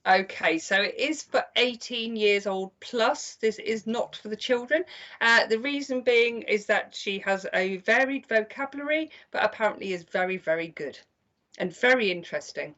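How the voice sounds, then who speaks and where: An older woman giving chatty, gentle psychic card readings on a live stream. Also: mid-range voice, expressive, moderate pace. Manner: chatty and gentle, calls people "my lovely". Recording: slightly dull lo-fi stream audio.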